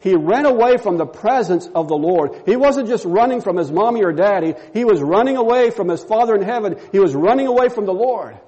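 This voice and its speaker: A man's voice: high voice, lively intonation, fairly quick, few pauses, mellow, highs cut off. A middle-aged male pastor preaching a sermon, telling stories and acting out the voices of the people he quotes.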